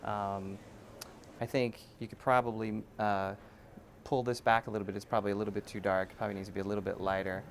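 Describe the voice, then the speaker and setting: Low, gravelly man giving painting notes. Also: fast, slight background noise. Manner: relaxed, instructive, frequent uh fillers. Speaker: background painting supervisor. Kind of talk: behind-the-scenes interview.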